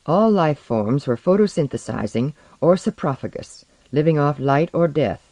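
An audiobook narrator giving a measured, lyrical reading of literary fiction. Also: mid-range voice, expressive, mellow, no echo. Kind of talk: scripted narration.

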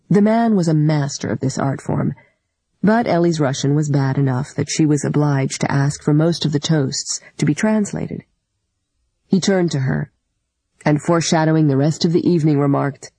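An audiobook narrator giving a measured, deliberate literary reading. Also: mid-range voice, warm tone, slightly rough, dry recording, rough recording.

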